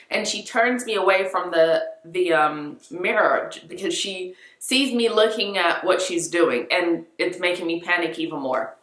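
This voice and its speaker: Young woman vlogger, lively storyteller who acts out quotes, echoey room. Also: fairly low pitch, normal speed, few pauses. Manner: animated, acts out quoted voices. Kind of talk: casual storytime to camera.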